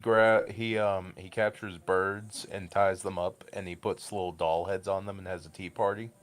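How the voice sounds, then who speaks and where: A man's voice: low-pitched, level tone, moderate pace, faint music behind. A man streaming and chatting casually, blunt and crude, rambling through long explanations. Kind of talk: casual chat.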